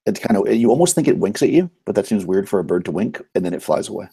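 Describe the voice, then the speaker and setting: A man running a tabletop game in a relaxed, rambling way, leaning on fillers as he describes scenes. His voice is very low, with a mellow, dark tone and a husky edge. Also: fast. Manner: relaxed, rambling narration full of "um" and "kinda". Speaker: game master.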